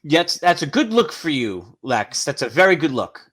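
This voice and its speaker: A man voicing a scheming male vampire casino owner, smooth and obliging. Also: on the high side, big pitch swings, moderate pace, a bit bright. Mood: approving.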